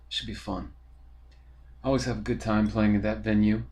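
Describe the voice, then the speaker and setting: A man's voice: on the low side, flat delivery, normal speed, pauses often, a little mellow. A young man, talking in a rambling, profane, casual monologue full of fillers as a podcast host.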